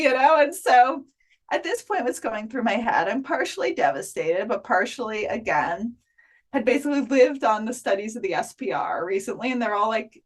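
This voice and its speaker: A woman's voice: fairly high pitch, moderate pace. A woman guest in a casual interview, telling a story with laughter and acting out the dialogue. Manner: animated, laughing, acts out quoted dialogue. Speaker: podcast guest, afterlife researcher.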